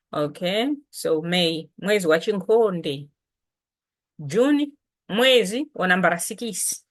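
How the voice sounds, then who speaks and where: A woman teaching words of her language patiently, repeating each term slowly. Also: on the low side, fairly bright tone. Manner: patient, explains slowly with repetition. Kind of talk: language lesson.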